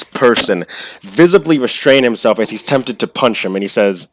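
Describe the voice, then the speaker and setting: A man narrating as game master in a tabletop game, in quick, animated narration full of restarts. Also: medium pitch, slight background noise.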